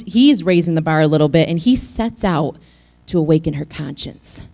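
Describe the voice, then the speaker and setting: A woman's voice: lowish voice, dark tone. A woman preacher giving a casual, joking sermon, acting out the scenes she tells. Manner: chatty, joking, acts out scenes.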